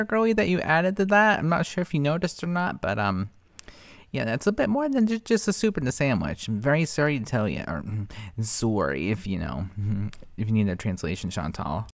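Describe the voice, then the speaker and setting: A man's voice: medium pitch, dry recording, clean studio sound. Sarcastic man hosting a reaction. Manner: sarcastic, blunt, scolding. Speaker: reaction channel host. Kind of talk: reaction commentary.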